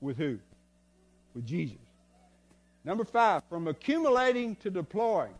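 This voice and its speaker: An older man, preaching a sermon as a guest speaker. He talks in a folksy, storytelling way and moves between soft asides and loud stretches. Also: high-pitched, big pitch swings, unhurried. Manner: folksy, tells stories, swings from soft to loud. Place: church sanctuary.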